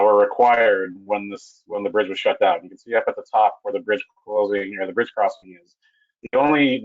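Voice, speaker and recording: A man presenting a technical webinar on a bridge repair, talking in a halting way with many restarts and fillers. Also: lowish voice, muffled recording.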